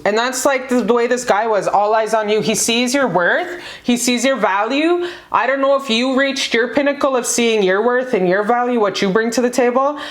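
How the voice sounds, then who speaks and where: A woman's voice: fairly high pitch, moderate pace, echoey room. Gushing, foul-mouthed woman reading tarot. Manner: gushing, profane, hyped-up. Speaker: tarot card reader. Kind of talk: casual pick-a-card tarot reading.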